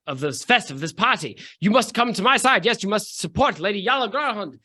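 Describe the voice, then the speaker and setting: Guy doing a gushing fancy lady, way up high, dramatic. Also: lively intonation, a little fast, sharp tone, heavily acted. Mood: fawning. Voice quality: high, theatrical, fawning. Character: fussy noblewoman Lady Yala Gralhund.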